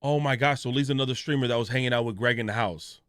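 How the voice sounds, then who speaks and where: A man's voice: mid-range voice, quick pace, a bit bright, dry recording. Male streamer, casual reaction chat, dry close sound, keeps quizzing viewers. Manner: asks questions, reads chat names aloud.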